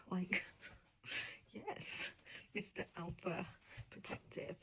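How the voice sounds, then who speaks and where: A lower-voiced woman chatting casually as a book editor, animated and profane. She drops into breathy whispers when she gets worked up. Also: takes it slowly, pauses often, rough recording.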